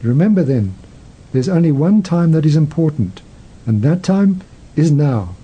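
A man voicing an old, weak, wise male hermit who speaks calmly, with a husky voice. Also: on the high side, unhurried, lo-fi sound, heavily acted.

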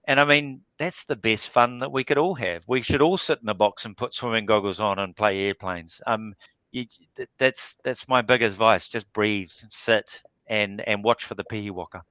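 A man's voice: fairly low pitch, normal speed, bright, forceful tone, dry recording, dull audio. A man answering interview questions in a casual, hesitant way, full of fillers and restarts. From New Zealand. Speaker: guest.

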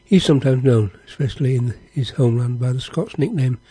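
A man presenting on radio, reading a formal introduction in a steady way. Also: medium pitch, fast talker, breathy edge, no room sound. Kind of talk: scripted introduction read aloud.

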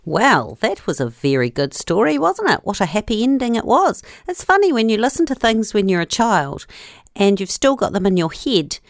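A woman's voice: medium pitch, no echo, studio quality. A woman hosting a children's radio show, chatting casually and telling jokes that she restarts. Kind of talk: casual chat.

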